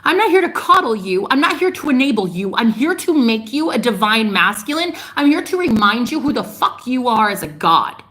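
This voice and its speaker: Woman ranting to camera, fiery preachy spiritual vlogger, cusses and scolds, big jumps in pitch. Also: big pitch swings, normal speed, few pauses, a bit bright. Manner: fiery, preachy, swears freely, scolds the viewer directly; emphatic, pitch jumps on outbursts.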